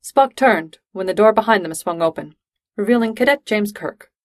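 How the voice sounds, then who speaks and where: A woman's voice: mid-range voice, animated, moderate pace, dry recording, clean studio sound. Woman reading fan fiction aloud. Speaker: reader.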